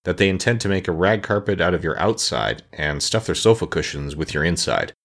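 A man's voice: low voice, animated, fairly quick, creaky, fairly bright tone, heavily acted. A man voicing an earnest, curious young boy in a storybook reading. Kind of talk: audiobook character reading.

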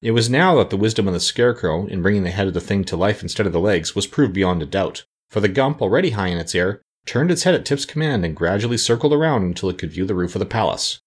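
A man narrating a storybook aloud, expressive and changing his voice for each character. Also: fairly low pitch, fast, hardly any pauses, slightly rough. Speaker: audiobook narrator. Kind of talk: storybook reading.

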